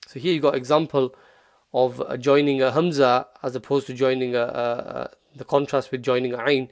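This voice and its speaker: A man teaching Quranic pronunciation in a relaxed tutorial, patiently repeating sounds slowly. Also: mid-range voice, no echo, clean studio sound. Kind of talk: relaxed tutorial, modelling Arabic phrases slowly.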